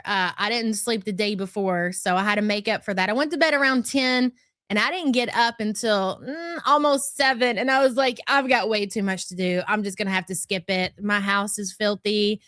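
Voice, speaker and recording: A woman's voice: medium pitch, moderate pace, a bit bright, no echo, studio quality. A woman hosting a casual livestream, greeting chatters by name with brash, profane humor. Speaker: livestream host. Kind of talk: casual live chat.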